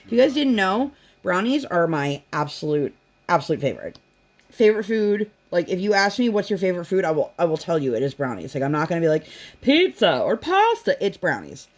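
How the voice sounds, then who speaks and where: A woman's voice: sing-song, fast talker, a little mellow. A woman in her thirties chatting casually while she crafts, rambling and telling family stories. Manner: rambling, chatty, acts out her daughter's questions in a higher voice. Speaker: crafting vlogger.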